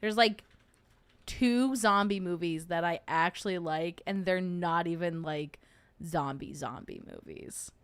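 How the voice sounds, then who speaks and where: A woman's voice: lowish voice, fairly even intonation, measured pace, clean tone, dry recording. A young adult woman hosting a livestream, chatting casually and joking in rambling asides while reacting to a video. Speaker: host.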